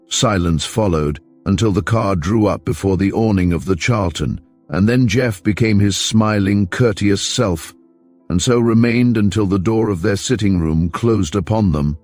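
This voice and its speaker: A man narrating a mystery novel as an audiobook, steady and measured. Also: fairly low pitch, soft background music. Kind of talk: scripted narration.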